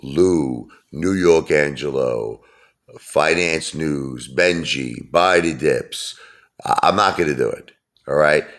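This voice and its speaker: Brash deep-voiced man ranting. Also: slow, fairly bright tone. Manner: brash, mocking, repetitive ranting. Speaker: channel host. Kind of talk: ranting vlog monologue.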